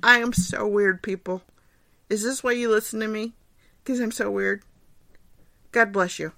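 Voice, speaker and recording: A woman's voice: mid-range voice, steady tone, measured pace, creaky, bright, forceful tone, no echo. A woman in her forties hosting a casual solo podcast, chatty and self-deprecating, laughing often as she answers questions. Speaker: podcast host. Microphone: home recording setup.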